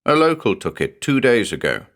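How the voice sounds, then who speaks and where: A man's voice: mid-range voice, sing-song, moderate pace, a bit bright, voice pushed up. A man voicing a plump, friendly photographer with a Geordie accent, chatty and affable.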